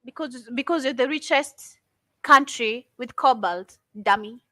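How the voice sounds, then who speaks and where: A woman's voice: high-pitched, unhurried, sharp tone, dry recording. A woman giving impassioned commentary, fiery and indignant, firing off rhetorical questions. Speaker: commentator reacting to videos.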